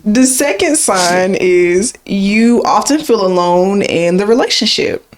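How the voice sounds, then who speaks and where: A woman's voice: mid-range voice, lively intonation, slow. A woman co-hosting a podcast, talking through points in a casual, explaining way with frequent fillers. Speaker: podcast co-host. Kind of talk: casual conversational podcast chat.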